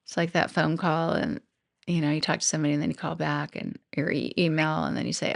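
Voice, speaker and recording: A middle-aged woman with a lowish, gravelly voice, chatting on her own podcast. She thinks out loud, laughs easily and wanders between points. The sound is dry and close. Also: steady tone, fast, no echo. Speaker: podcast host and coach. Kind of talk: casual solo podcast talk.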